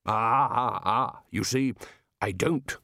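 A man voicing a smug, dismissive male wizard lecturer who speaks slowly. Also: medium pitch, expressive, dry recording, clean studio sound, natural voice.

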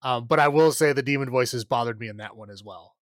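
This male podcast co-host discusses a film casually and fairly quickly, at a medium pitch. Exasperated and rambling, he leans on fillers and keeps restarting, with no room sound audible.

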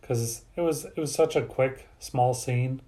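A man with a dark, mellow voice picks apart a film's logic at length, wandering through his thoughts and swearing casually. His pitch is ordinary for a man, and he talks like a podcast co-host among friends. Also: a little slow. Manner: rambling and analytical, loose with swearing. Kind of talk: casual movie review chat.

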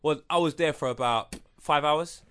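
A man's voice: fairly high pitch, moderate pace, a crowd in the background. A man, a podcast co-host in blunt, slangy banter. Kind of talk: casual chat.

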